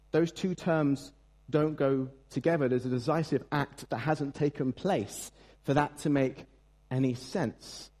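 A man's voice: fairly high pitch, mellow. A young man, a pastor, giving a chatty, self-mocking sermon with many fillers at a church carol service.

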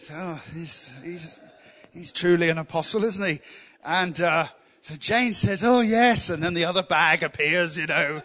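A man preaches, his voice high and bright as he tells funny, self-deprecating stories. The sound carries a long reverb from the church hall around him. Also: a little slow. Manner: humorous, self-deprecating, animated. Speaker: pastor. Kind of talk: sermon with storytelling.

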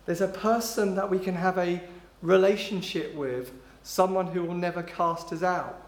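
A male preacher with a high voice delivers a sermon with emphasis. He stretches out key phrases and sinks low and soft for quotes. The sound carries a roomy echo from a church hall. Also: steady tone. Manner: emphatic, slowing down on key phrases, dropping low and quiet when quoting.

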